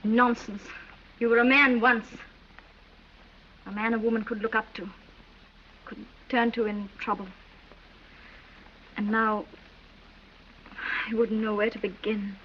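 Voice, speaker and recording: A woman's voice: fairly high pitch, flat delivery, slow pace, long pauses. An actress playing an exasperated young noblewoman, earnest and impatient, in 1930s film acting. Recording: dull old film soundtrack with hiss.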